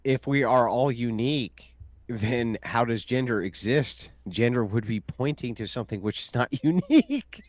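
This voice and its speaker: A man's voice: medium pitch, expressive, normal speed. A man in a heated online debate, mocking his opponents and repeating his points insistently. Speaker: debate guest.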